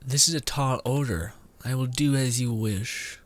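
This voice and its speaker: A man's voice: medium pitch, a little slow, no room sound. A young man streaming a video game, sarcastic and profane, often laughing at the story. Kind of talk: game commentary.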